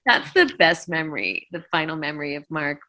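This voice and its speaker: A woman's voice: deep voice, sing-song, a little fast, a crowd in the background, low-quality recording. A middle-aged woman, a rock singer, telling an emotional story in an interview and acting out what people said. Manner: vivid retelling, acting out quotes, many "like"s. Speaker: rock vocalist, interview guest.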